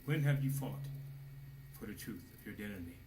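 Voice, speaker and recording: A man preaching a sermon, swinging between hushed low asides and loud exclamations, at times speaking as God in the first person. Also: lively intonation, a little fast. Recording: echoey room with faint noise.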